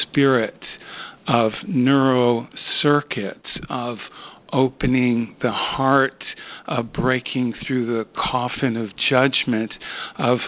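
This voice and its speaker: A man talks at an unhurried, measured pace, reflecting on his work as a psychiatrist. His voice sits in a middle register and comes through a narrow, phone-like line, with frequent pauses and fillers. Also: medium pitch. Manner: slow, thoughtful, with many pauses and fillers. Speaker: psychiatrist guest. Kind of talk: reflective interview talk.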